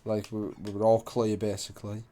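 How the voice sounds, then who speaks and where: A man's voice: on the low side, monotone, fairly quick, dark tone. Rambling sweary young man. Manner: rambling, heavy swearing, loses his place. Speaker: storyteller. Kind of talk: casual storytelling.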